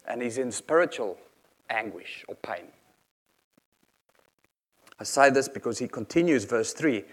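A man's voice: medium pitch, lively intonation, unhurried, pauses often. A man preaching a sermon in an earnest, explanatory manner, reading scripture aloud and unpacking each verse.

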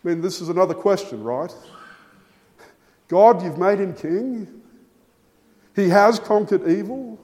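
Slow, emphatic male preacher in a hall. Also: high-pitched, darkish tone. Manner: emphatic, rising and falling for stress, with measured pauses. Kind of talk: sermon. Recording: long hall reverb.

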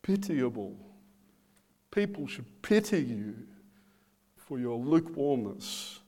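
A man preaching a sermon, slow and emphatic, repeating phrases for weight. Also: medium pitch, animated, mellow. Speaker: pastor.

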